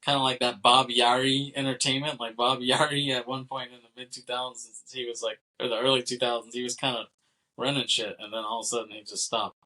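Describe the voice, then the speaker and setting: A man co-hosting a film podcast, rambling loosely through a movie's opening scenes with a laugh never far off. His voice is very bright and sits in an ordinary middle pitch. He keeps slipping into quick quoted lines as he tells it. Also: level tone. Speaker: podcast co-host. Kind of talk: casual film discussion.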